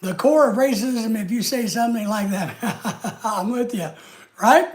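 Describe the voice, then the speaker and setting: A man's voice: sits high, moderate pace. A man hosting a live stream, chatting casually and answering viewer comments in an easygoing way. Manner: easygoing, chatty, talks straight to the chat.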